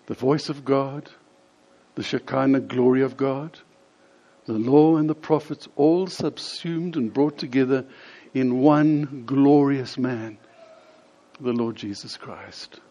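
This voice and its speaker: A man preaching a sermon, retelling a scripture scene vividly with dramatic pauses. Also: medium pitch, mellow. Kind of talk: storytelling sermon. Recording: slightly dull lo-fi sound.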